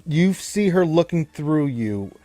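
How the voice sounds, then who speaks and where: Dark-voiced man running a tabletop game. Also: fairly high pitch, animated, soft background music. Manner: rambling, halting descriptions with many fillers. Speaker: game master.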